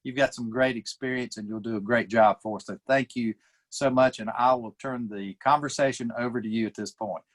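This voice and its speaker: Male town mayor, mid-pitched voice, hosting, fillers, video call. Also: fairly even intonation, fairly quick. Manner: warm introductions with many fillers. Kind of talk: introducing panelists.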